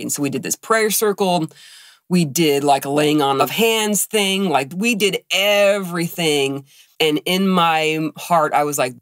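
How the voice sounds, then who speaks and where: A woman's voice: low-pitched, normal speed, no echo, studio quality. A woman co-hosting a podcast, telling an emotional personal story with lots of quoted dialogue. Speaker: podcast co-host.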